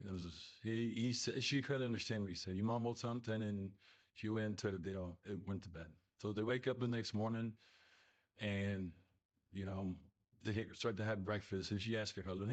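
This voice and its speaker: A man casually telling a family ghost story in a rambling, halting way full of fillers. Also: fairly low pitch, steady tone. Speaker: listener telling a submitted story.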